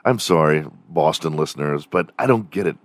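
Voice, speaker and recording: A man's voice: very deep voice, moderate pace, no room sound. A man from Texas with a Texan accent hosting a podcast, ranting casually, profane and rambling. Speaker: podcast host. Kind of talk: casual rant.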